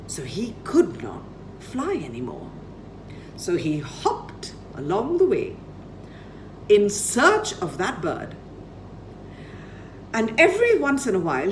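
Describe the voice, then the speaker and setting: A woman's voice: fairly low pitch, slight background noise, poor audio. A woman telling a children's story dramatically, dropping to near-whispers for effect.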